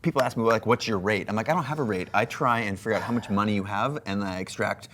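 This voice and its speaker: A man's voice: fairly low pitch, fast talker, fairly bright tone, a little hiss or hum. A man hosting an interview show, chatting in an easygoing, agreeable way. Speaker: host. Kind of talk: casual interview chat.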